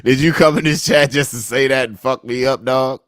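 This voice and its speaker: A man's voice: medium pitch, steady tone, normal speed, fairly bright tone, no room sound, clean studio sound. A man from Washington, D.C. hosting a casual livestream, reading chat comments aloud and laughing often.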